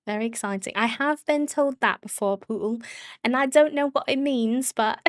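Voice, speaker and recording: A woman streamer putting on a deliberately bad British accent while greeting viewers in a bubbly way, laughing often. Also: on the high side, dark tone, dry recording, studio quality. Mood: playful.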